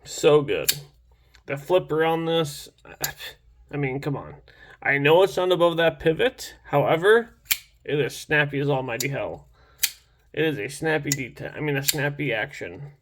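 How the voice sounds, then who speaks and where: A man's voice: on the high side, animated, normal speed, a bit bright. A young man casually reviewing a knife in a rambling, enthusiastic vlog, full of restarts and fillers.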